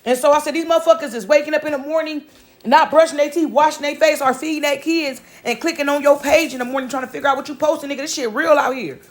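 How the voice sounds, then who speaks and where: A woman's voice: high voice, fairly even intonation, fast talker. A woman telling a long story in a casual vlog monologue, swearing a lot, rambling, often retelling her own words and tagging lines with "right?". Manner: profane, rambling, keeps asking "right?". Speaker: vlogger.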